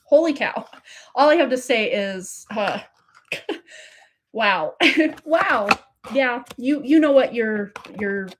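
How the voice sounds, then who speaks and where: Woman, tarot reader hosting a live stream; slightly high voice, effusive, chatty, spiritual. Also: a little hiss or hum. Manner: effusive, breathless, spiritual, many likes and fillers. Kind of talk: live tarot reading, casual and gushing.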